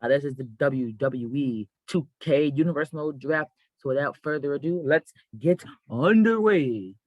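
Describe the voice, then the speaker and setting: A man's voice: mid-range voice, steady tone, normal speed, darkish tone, dry recording, dull audio. A man hosting a gaming video, calling out a mock wrestling draft in a hyped announcer style and correcting himself now and then. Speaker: gaming channel host.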